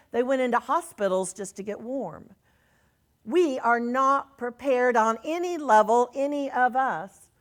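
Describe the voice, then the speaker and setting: A middle-aged woman minister giving an earnest sermon, reading messages aloud and softly repeating reassuring phrases. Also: mid-range voice.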